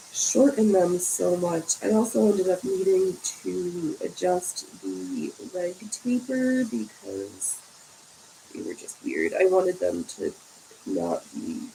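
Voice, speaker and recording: A woman's voice: lowish voice, gravelly, dark tone, slight background noise, rough recording. A tired woman hosting a sewing livestream from home, chatting in a rambling way and yawning now and then. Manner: rambling and chatty, coos at her cats. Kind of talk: casual chat on a livestream.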